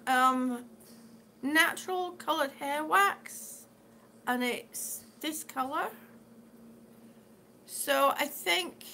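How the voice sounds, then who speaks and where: Woman live-streamer: high, bright, unhurried, affectionate chatter, with faint room noise behind her. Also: creaky. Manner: chatty and affectionate, calls viewers sweetie. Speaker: vlogger reading live chat. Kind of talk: casual live-stream chat.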